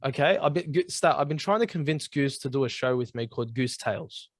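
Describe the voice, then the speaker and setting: A podcast host chats easily with his mates, calling them "bro" and "mate" and running through plugs to close the show. The sound is dry and close, with no room around his voice, and his pitch sits in an ordinary middle range. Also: animated, fairly quick, dry recording. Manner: easygoing, matey, promo-style sign-offs. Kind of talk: casual podcast chat. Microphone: video call.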